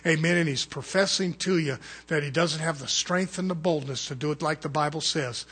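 A man preaching a fervent sermon as pastor, swinging between loud urgent calls and hushed low asides. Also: fairly quick, slightly rough.

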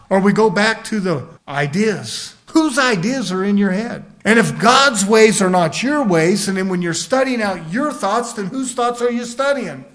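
A man's voice: high voice, a bit bright. A man preaching a sermon in a folksy storytelling way, acting out the people he quotes.

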